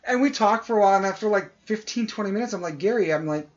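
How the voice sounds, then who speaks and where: Man telling animated anecdotes, lo-fi. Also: high voice, fast. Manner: animated anecdote-telling, acts out quoted voices. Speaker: podcast co-host. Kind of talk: casual storytelling chat. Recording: dull lo-fi audio.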